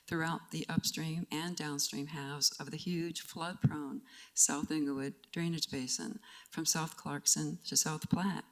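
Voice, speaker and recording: An older woman giving public comment at a council meeting, earnest and emotional, fighting back tears and stumbling over restarts. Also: deep voice.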